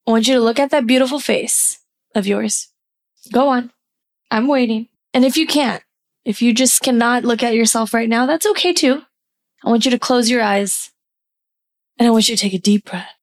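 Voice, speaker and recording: A woman hosting a self-care podcast, guiding listeners through affirmations in a warm, encouraging, casual way. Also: on the high side. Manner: slow deliberate pacing on repeated affirmations. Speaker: podcast host.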